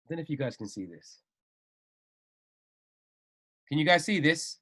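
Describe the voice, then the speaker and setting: A man coaching traders on a video call, talking in an animated, emphatic way and repeating himself for effect. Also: fairly high pitch, normal speed. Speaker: trading coach.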